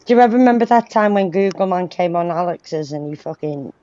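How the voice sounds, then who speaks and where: A woman's voice: lowish voice, expressive, a little fast, mellow. A woman chatting on a livestream video call from her phone, swearing freely and telling stories. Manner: swears freely, tells stories with quoted voices. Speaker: livestream co-host. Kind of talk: casual banter on a group video call. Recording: dry, dull phone-call audio.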